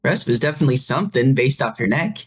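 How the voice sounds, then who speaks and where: A woman's voice: very deep voice, expressive, fast talker, slightly rough. A woman playing a tabletop game, playful and teasing, narrating her character's actions.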